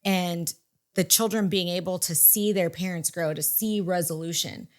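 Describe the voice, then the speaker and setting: A woman's voice: lowish voice, steady tone, normal speed. Supportive woman podcast host. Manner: supportive, affirming, frequent listening murmurs. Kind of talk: conversational podcast interview.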